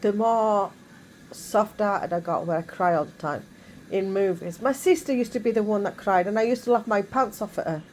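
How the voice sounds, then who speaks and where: A woman's voice: medium pitch, moderate pace, darkish tone, slight background noise, rough recording. A woman chatting casually in her bedroom, rambling with many asides. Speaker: vlogger. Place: bedroom at home.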